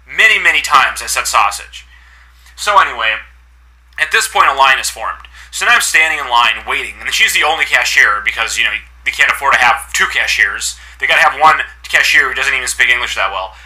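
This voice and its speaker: A man's voice: mid-range voice, animated, fairly quick, bright, forceful tone. A man telling a personal customer-service story in a casual, irritated vlog rant, sarcastic and swearing often.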